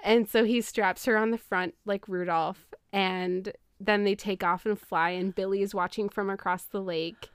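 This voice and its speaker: A young adult woman co-hosting a podcast, recapping a film in casual, animated storytelling. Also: medium pitch, normal speed, hardly any pauses, clean tone, dry recording. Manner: animated storytelling, laughs often. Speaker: podcast co-host.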